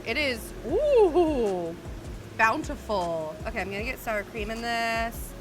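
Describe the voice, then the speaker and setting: A woman reviews food for a video and gushes over every bite. Her voice sits fairly high for a woman. Clear music plays under her voice. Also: very animated, slow pace. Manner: gushing, exclaiming over food.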